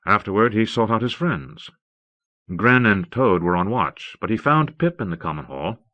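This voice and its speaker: A man reading an audiobook in a steady, measured way, from an old cassette tape. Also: fairly low pitch, muffled recording. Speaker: audiobook narrator. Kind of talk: scripted narration.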